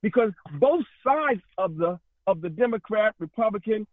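A man's voice: high voice, lively intonation, normal speed, dry recording. A man calling in to a radio talk show, speaking in a fiery, rambling way and often repeating himself. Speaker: caller. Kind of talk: impassioned call-in talk. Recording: tinny phone line.

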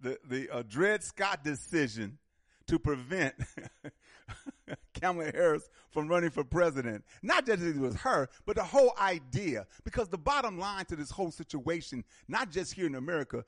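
A male call-in show host with a voice pitched somewhat high and a lively, wide-ranging delivery. He leans hard into his points, restarting and repeating words as he presses on. The sound is dry and close. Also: normal speed, dry recording. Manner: emphatic, animated, repeats words when worked up. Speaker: radio talk show host. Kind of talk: call-in radio discussion.

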